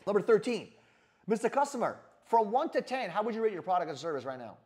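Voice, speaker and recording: A man giving an energetic sales coaching talk in a brash manner, swearing freely and often asking "right?". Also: high voice, quick pace. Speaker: sales trainer.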